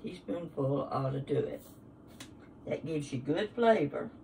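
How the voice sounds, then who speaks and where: A woman's voice: sits low, animated, a little slow, mellow, far from the mic, slight background noise. An older woman hosting a casual home cooking demonstration, chatty and homespun as she works through a recipe. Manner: chatty, homespun, talks while working. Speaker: cooking show host. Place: home kitchen. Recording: kitchen sounds, voice somewhat off-mic. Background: clinking dishes and utensils.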